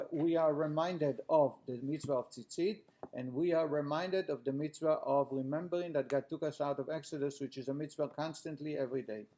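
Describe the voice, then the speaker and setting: A man's voice: a little high, warm tone. A man teaching a class, reading a text aloud and then explaining it in plain words with frequent restarts.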